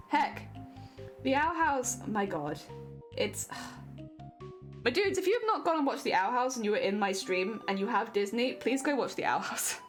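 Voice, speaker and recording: A young woman streaming, chatting casually with her audience, laughing often and trailing off mid-thought. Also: high-pitched.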